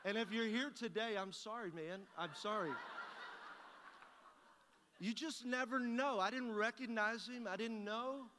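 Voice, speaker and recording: Folksy pastor, man, bright voice in a hall. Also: high-pitched, a little slow, pauses often, a little hiss or hum. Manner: folksy storytelling, acting out both sides of a conversation. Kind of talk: sermon with a personal story. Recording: long hall reverb.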